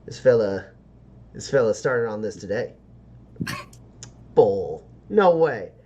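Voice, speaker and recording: A man's voice: fairly low pitch, very animated, takes it slowly, darkish tone, pitched below the performer's own voice, full character voice. A man voicing impressed male mechanics who gossip in folksy slang. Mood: amazed.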